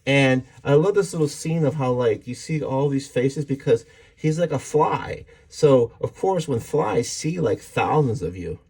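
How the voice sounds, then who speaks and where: A man's voice: medium pitch, lively intonation, measured pace, darkish tone, husky. A man casually and enthusiastically recapping a comic book issue, acting out the characters' lines as he goes. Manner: enthusiastic, retelling panels with voices.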